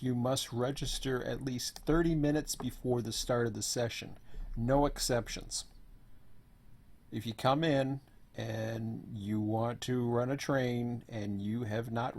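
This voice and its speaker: A hoarse man who is losing his voice gives a rambling, offhand walkthrough as host of an online server. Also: mid-range voice, steady tone, slow, darkish tone. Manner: rambling, offhand, says "blah, blah, blah". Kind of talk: casual screen walkthrough.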